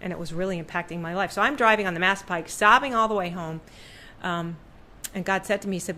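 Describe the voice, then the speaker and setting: A middle-aged woman, a podcast guest and artist, telling a story in conversation and acting out the voices she quotes with sudden jumps in pitch, in a room hung with her paintings. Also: quick pace, bright, forceful tone.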